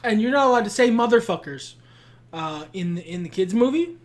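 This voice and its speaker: A woman's voice: medium pitch, animated, normal speed. A woman co-hosting a podcast, ranting emphatically about a film in casual chat and swearing freely. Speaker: podcast co-host.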